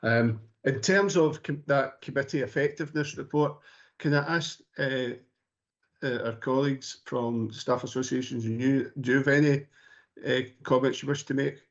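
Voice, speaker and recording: Gravelly man chairing a meeting. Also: medium pitch, steady tone. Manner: halting, many fillers and restarts. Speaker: committee chair. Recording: muffled meeting stream audio.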